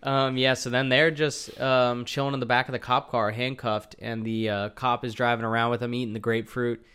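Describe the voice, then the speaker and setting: A man's voice: medium pitch, level tone, a little fast, fairly bright tone, clean tone. A young man co-hosting a podcast, casually recapping a TV episode and laughing often. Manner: laughs often, loose and chatty. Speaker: podcast co-host.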